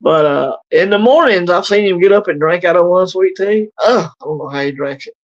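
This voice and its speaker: Over lo-fi livestream audio, a middle-aged co-host from Louisiana keeps things casual, his high, expressive voice moving a little fast. His Southern drawl comes through as he rambles along, stuffing his talk with fillers.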